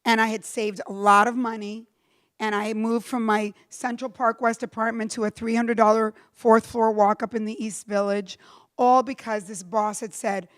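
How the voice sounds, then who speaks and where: A middle-aged woman giving a storytelling talk to a live audience, animated, acting out the voices she quotes and slipping in Spanish phrases. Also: a little high, moderate pace. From Cuba. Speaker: keynote speaker. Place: lecture room with a live audience.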